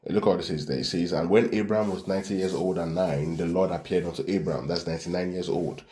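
A man's voice: low voice, fast talker, dark tone, reverberant. A man preaching a Bible-study sermon to a church class, reading scripture aloud and repeatedly checking in with "right?".

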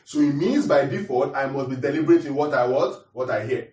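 This teaching sermon comes from a man whose mid-range voice has a darkish tone and a fairly quick pace. He restates his points and quizzes the congregation, heard through a far-off mic in an echoey room.

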